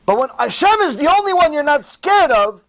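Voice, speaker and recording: A middle-aged man preaches in a sermon, his voice sitting fairly high. He swings his pitch widely and acts out the voices of people he quotes. His delivery is animated and expressive. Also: brisk. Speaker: rabbi.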